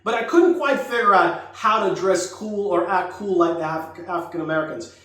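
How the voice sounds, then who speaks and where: A man's voice: high-pitched, normal speed, sharp tone. An older man from Jamaica tells a personal story in a casual, reflective way, often restarting his sentences. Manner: reflective, rambling with frequent restarts. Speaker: YouTuber. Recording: very echoey room, distant mic, faint music.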